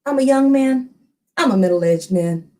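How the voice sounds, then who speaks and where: Woman playing lonely middle-aged guy in a spooky story, flustered and stammering, talks fast, voice bounces around a lot. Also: high-pitched, lively intonation, dark tone. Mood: scheming.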